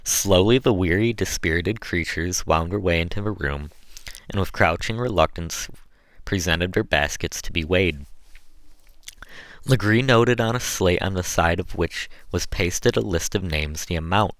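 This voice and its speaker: Male audiobook narrator, deep, measured, dry close recording. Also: fairly bright tone, dry recording.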